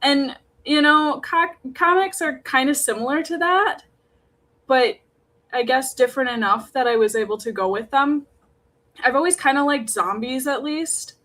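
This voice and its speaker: A woman with a Wisconsin accent, a comic artist guest talking in a soft, hesitant way. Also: high-pitched, normal speed. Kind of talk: casual interview chat.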